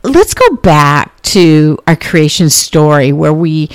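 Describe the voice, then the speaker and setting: A woman's voice: deep voice, sing-song, slow, smooth, dry recording. A middle-aged woman hosting a podcast, telling a personal story in an earnest, chatty way full of fillers and restarts. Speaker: podcast host.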